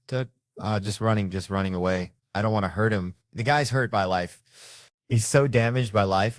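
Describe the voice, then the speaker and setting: Low-voiced man telling profane comic stories. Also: no echo, studio quality. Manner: profane, rambling anecdotes with voiced quotes. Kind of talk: stand-up storytelling.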